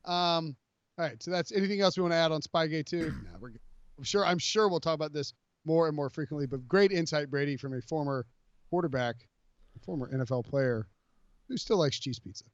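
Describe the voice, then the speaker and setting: A man hosting a sports podcast in casual chat, animated and rambling, full of fillers and self-corrections. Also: a little high, brisk, dry recording. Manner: animated, rambling, jokey with many fillers and restarts. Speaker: podcast host. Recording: dry, slightly dull podcast audio.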